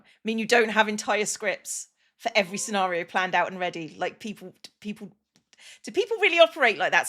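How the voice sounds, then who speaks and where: A woman's voice: mid-range voice, bright, forceful tone. A woman, a streamer, chatting casually and emotionally on a livestream. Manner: chatty and emotional, with many restarts and "like" fillers.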